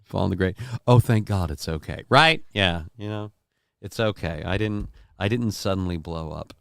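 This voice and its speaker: A man's voice: sits low, normal speed, gravelly, fairly bright tone, clear, resonant tone, dry recording, clean studio sound. A man hosting a casual livestream from home, reading out viewer comments in a rambling, profane, self-deprecating way. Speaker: livestream show host.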